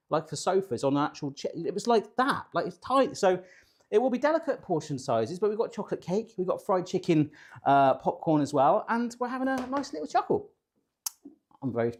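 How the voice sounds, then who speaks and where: A man's voice: high voice, sing-song, fairly quick. Give me a chatty British man hosting a cooking stream. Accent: British English. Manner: chatty, jokey and self-deprecating, reading viewer comments. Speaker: cooking show host. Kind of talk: live-streamed cooking chat.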